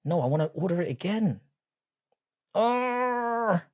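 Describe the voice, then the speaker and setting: A man's voice: mid-range voice, expressive, normal speed, dry recording, highs cut off. A man hosting a live stream in casual chat, swearing freely and bantering with his viewers.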